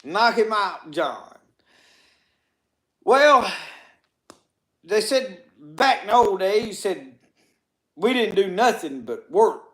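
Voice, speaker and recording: In an echoey room, a man with a high-pitched, very animated voice and a Mississippi Southern accent tells Southern folk tall tales to a live audience. He speaks slowly and pauses often, rambling in a folksy way and stringing it all together with repeated "said" and "he said."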